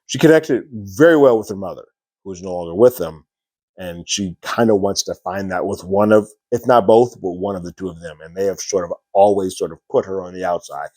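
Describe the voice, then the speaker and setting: A man's voice: sits low, a little mellow, no echo. A man reviewing a TV episode in a casual, rambling recap full of "sort of" and "like". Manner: rambling, many "sort of" and "like" fillers.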